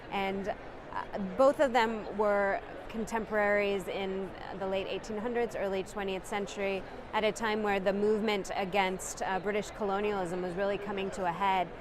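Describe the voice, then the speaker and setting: A woman speaking softly and thoughtfully in casual talk, with fillers. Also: medium pitch, slight background noise. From United States.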